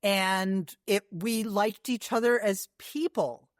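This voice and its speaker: Brief: a woman recounting her journey in an interview, chatty and animated, clean dry sound. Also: medium pitch, slow pace, dry recording. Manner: animated storyteller with frequent asides. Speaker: guest, long-distance horse rider. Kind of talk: casual interview storytelling.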